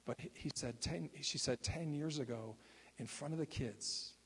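A minister sharing testimony stories in a relaxed, conversational way, acting out the people he quotes. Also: a little high, moderate pace, husky, long reverb tail. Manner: conversational, acts out quoted speakers. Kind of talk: sermon testimony storytelling.

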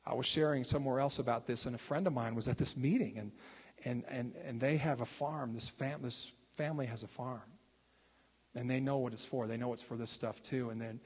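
A minister sharing testimony stories in a relaxed, conversational way, acting out the people he quotes. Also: medium pitch, a little fast, breathy edge, in a large hall. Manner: conversational, acts out quoted speakers. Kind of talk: sermon testimony storytelling.

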